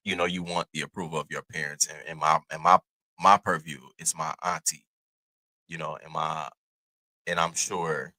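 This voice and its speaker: A man hosting his own channel, telling a casual story to his viewers in an animated, profane, chatty way. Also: rumbling low, normal speed, dry recording. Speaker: host.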